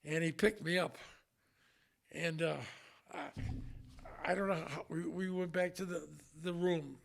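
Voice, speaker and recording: An older man and former strongman, telling an emotional story in an earnest, halting way with many restarts. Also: a little high, fairly even intonation, gravelly. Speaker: retired strongman, guest.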